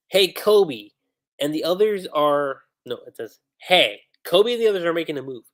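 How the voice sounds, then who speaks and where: A man hosting a livestream, reading manga dialogue aloud and commenting on how two translations differ, acting out the lines with lively emphasis. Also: fairly high pitch, normal speed. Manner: reads character lines aloud with animated emphasis.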